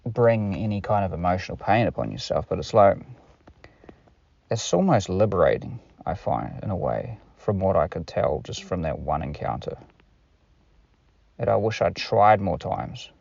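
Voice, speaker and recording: A man's voice: sits low, lively intonation, normal speed, vocal fry, darkish tone, dry recording, dull audio. A man talking casually to camera in a rambling monologue, swearing freely and using many fillers. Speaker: vlogger.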